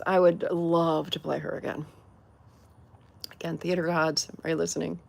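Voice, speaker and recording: A woman's voice: fairly low pitch, a little slow, gravelly, pauses often. A middle-aged woman from California hosting a casual livestream, chatting, laughing often and greeting viewers by name. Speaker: host.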